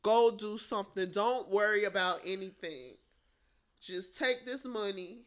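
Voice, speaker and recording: A woman quoting her caring mother, who urges her daughter to take some money and relax, in a soft, low, hushed voice. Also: a little slow, natural voice. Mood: soothing.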